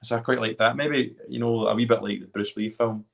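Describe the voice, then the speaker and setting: A man's voice: mid-range voice, fairly even intonation, fairly quick, creaky, a bit bright. A man hosting a casual live chat, talking enthusiastically and rambling a little. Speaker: host. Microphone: video call.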